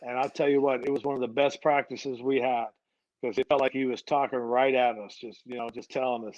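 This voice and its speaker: A middle-aged man, a head coach, telling stories on a podcast at a mid pitch. He talks casually and keeps restarting his sentences with repeated words. The audio sounds muffled and dry. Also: brisk, a little mellow, no echo. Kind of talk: conversational storytelling.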